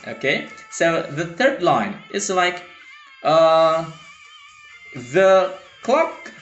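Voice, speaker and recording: A man's voice: on the high side, expressive, very slow, a bit bright. A man teaching a poetry lesson, hesitant with many fillers, who reads verse aloud with a rhythmic lilt. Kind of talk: lecture explaining poetry. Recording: roomy with faint music.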